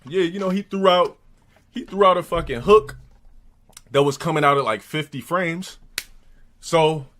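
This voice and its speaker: Taking his time, a livestreaming man recounts a crude story, loud and profane throughout. When quoting others, he switches into high-pitched, mocking voices.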